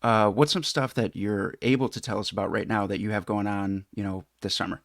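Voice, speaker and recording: A man hosting a casual podcast interview, relaxed and easygoing, asking questions with fillers and quick laughs. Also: fairly low pitch, dry recording, studio quality. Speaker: podcast host.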